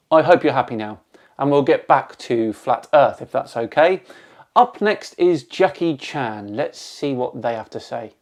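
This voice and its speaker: A man's voice: mid-range voice, expressive, unhurried. A man from Bristol hosting a video, reading out viewer comments and answering them with dry, sarcastic comebacks. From Bristol, England. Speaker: video host.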